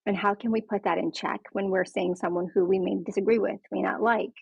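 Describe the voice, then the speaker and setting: Husky-voiced woman telling her story frankly. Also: medium pitch, steady tone, a little fast, dry recording. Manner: frank, earnest, acts out quoted people. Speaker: patient sharing her story. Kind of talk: candid personal storytelling conversation. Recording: dull lo-fi dry sound.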